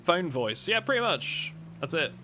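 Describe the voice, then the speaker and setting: Bright-voiced English streamer, mild Lincolnshire accent. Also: male voice, on the high side, big pitch swings, measured pace, a little hiss or hum. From England. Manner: chatty, joking with chat, many fillers. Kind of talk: casual live-stream chat.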